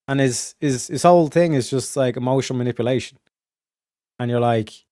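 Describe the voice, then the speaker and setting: A man in the middle of a loose monologue on his stream, swearing freely and padding his talk with "like" and "you know." His voice sits at an ordinary pitch and is recorded close and dry, with no room sound. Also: fairly even intonation, fast, a little mellow, smooth, no echo. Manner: profane, filler-heavy, restarts often; swings from emphatic to low muttered asides. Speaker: streamer hosting a study session. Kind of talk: casual rambling monologue.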